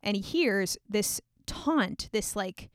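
A woman's voice: mid-range voice, animated, slow pace, dry recording, clean studio sound. A woman casually retelling a Bible story in a chatty way, with frequent fillers and small laughs.

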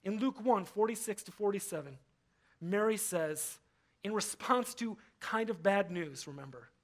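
A young adult man preaching a sermon as pastor in a church, animated, acting out quoted voices and repeating words as he stresses his points. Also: high-pitched, moderate pace. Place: church hall.

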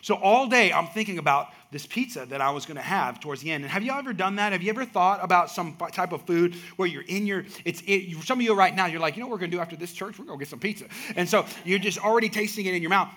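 A male pastor delivers a sermon in a high, bright voice. He tells everyday stories and builds them into emphatic outbursts. He sounds middle-aged. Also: fast, hardly any pauses. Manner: storytelling with rising emphatic outbursts.

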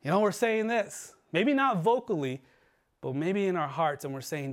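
Man, pastor, high voice, earnest sermon, drops soft for emphasis. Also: moderate pace. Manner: earnest preaching, voice dropping low and soft for emphasis. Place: church livestream.

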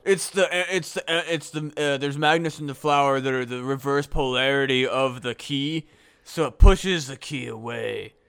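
A man's voice: medium pitch, moderate pace, creaky, a bit bright, clear, resonant tone. A young man co-hosting a casual comedy podcast, riffing loosely and swearing as he builds on his co-host's jokes. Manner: profane, riffing, calls the other host dude. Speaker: podcast co-host.

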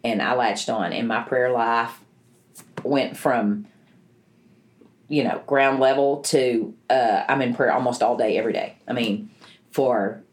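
A woman's voice: very deep voice, fairly even intonation, measured pace. A middle-aged woman, a guest in an interview, telling her personal story in an earnest, emotional way, often restarting her sentences. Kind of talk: personal testimony in conversation.

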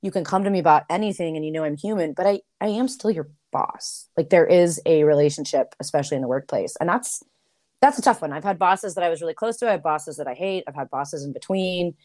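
A middle-aged woman chatting casually on a podcast, voice sitting a little low. She tells her stories with animated, acted-out dialogue. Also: fast. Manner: animated storyteller, acts out quoted dialogue. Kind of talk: casual conversation.

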